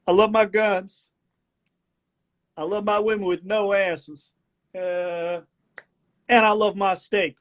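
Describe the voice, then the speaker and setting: A man's voice: sits high, voice pushed up. A man doing a brash Southern country boy. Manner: swaggering, boastful, repeats catchphrases. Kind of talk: comedy impression on a live stream.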